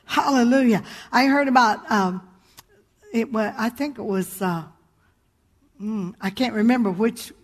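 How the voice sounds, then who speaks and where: A woman's voice: mid-range voice, big-room sound. A middle-aged woman pastor preaching a sermon, emphatic and humorous, often calling out hallelujah.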